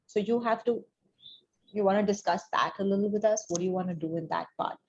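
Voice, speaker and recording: A woman's voice: medium pitch, a little fast. A woman counseling a student on an admissions essay over a video call, in a reflective way that builds on vivid example stories. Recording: dull, lo-fi video call audio.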